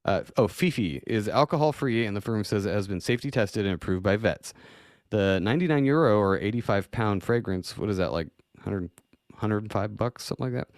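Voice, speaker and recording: A man's voice: on the low side, fairly quick, a little mellow, no echo, clean studio sound. A man hosting a casual podcast chat. He is loose and profane, laughs often and reads news articles aloud. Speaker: podcast host.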